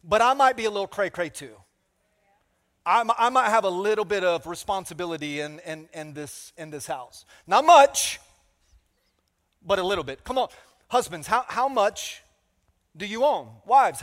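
High-voiced preacher in an echoing sanctuary. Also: male voice. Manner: energetic, call-and-response, playful asides. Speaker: pastor. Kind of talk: sermon.

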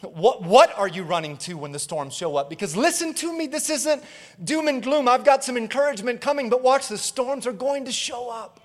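A male pastor preaching in a church auditorium, his high voice carrying a long reverb tail through the hall. He talks emphatically, calls out to the congregation for agreement, and acts out quoted voices in his stories. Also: moderate pace. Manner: emphatic preaching with call-and-response asides. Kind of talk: sermon.

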